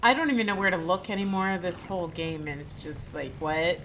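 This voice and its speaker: A woman from Canada hosting an esports stream, giving relaxed, chatty game commentary and laughing often. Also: on the low side, fairly quick. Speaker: esports caster and stream host. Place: home streaming setup. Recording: steady background noise.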